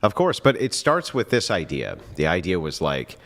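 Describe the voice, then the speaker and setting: A man's voice: low-pitched, huge pitch swings, moderate pace, fairly bright tone. A man giving heated, profane commentary after a debate, emphatic and mocking.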